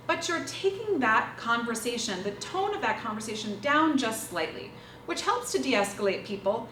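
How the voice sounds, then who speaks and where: A woman trainer talks through listening skills with a lively, bouncing pitch and a slightly high voice, illustrating each point with examples. She sits back from the mic in an echoey room. A faint ambience hums underneath. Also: far from the mic, slight background noise. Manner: lively, demonstrative, explains with examples. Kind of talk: instructional talk on listening skills.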